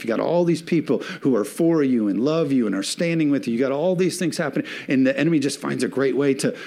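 A male pastor preaching a sermon with emphatic swells and slowed, stressed phrases, a father of young children. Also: medium pitch, vocal fry, darkish tone.

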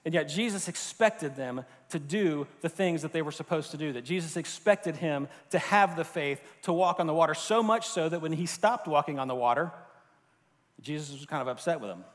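Man from Florida, a bit high in pitch, conversational pastor, hall reverb. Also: normal speed. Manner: conversational, with fillers and restarts. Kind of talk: sermon.

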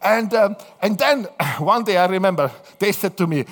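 A man from southern Italy with an Italian accent, preaching a sermon through lively personal stories, acting out the voices in them. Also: high voice, moderate pace. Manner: animated storytelling, acts out voices in quotes. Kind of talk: anecdotal sermon. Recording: long hall reverb.

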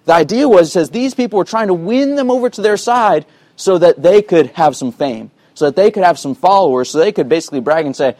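A man's voice: high voice, lively intonation, brisk, darkish tone, dry recording. A man preaching a sermon as pastor of his church, earnest and conversational, with many "you know" asides.

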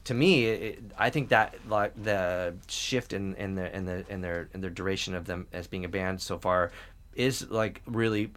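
Young adult man, podcast host, lowish voice, rambling casual talk, fillers and swearing. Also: moderate pace, a bit bright. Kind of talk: casual chat.

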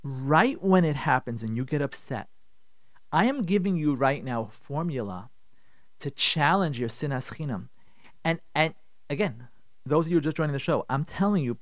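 A man's voice: fairly high pitch, a bit bright, no echo, clean studio sound. A middle-aged man, a rabbi hosting a radio show, giving emphatic, repetitive advice and acting out the complaints he quotes. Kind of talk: animated radio advice talk.

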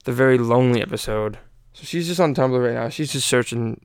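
Rambling young man with a gravelly voice. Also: mid-range voice, brisk. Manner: rambling, profane, many fillers. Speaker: podcast host. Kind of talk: casual podcast chat.

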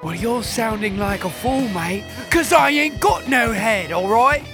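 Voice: mid-range voice, lively intonation, unhurried, over music. A host putting on a callous, drawling cocaine bloke. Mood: cocky. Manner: drawling, slangy, says "oi" and "mate". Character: cocky, callous cocaine as a rough male bloke.

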